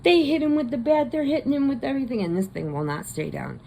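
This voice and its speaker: A woman who hosts a crochet channel, casually retelling a horror movie in a rambling way and slipping into quick voices. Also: high voice, expressive, vocal fry, dark tone, a little hiss or hum, poor audio.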